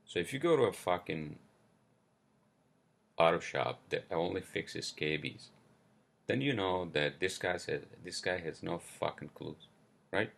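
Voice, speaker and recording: Male podcast host, gravelly slow voice, furious profane solo rant. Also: deep voice, lively intonation, fairly bright tone. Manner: angry, profane, halting with many fillers and apologies. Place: New York.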